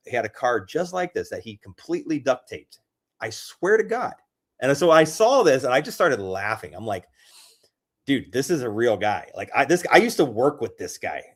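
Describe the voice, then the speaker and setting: Young adult male, crypto livestream host; casual, excitable, repetitive, loose delivery. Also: mid-range voice. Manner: rambling, excitable, repeats himself. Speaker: crypto streamer.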